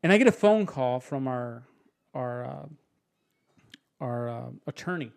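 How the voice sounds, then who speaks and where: A young man on a podcast as a guest tells a story in a casual chat, his medium-pitched voice clear and resonant with some vocal fry. He's animated, voicing other people and making quick restarts.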